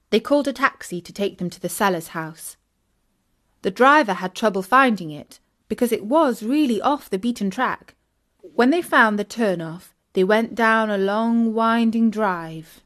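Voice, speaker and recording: A woman narrating a children's audiobook, clear and expressive. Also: on the high side, unhurried. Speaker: storyteller.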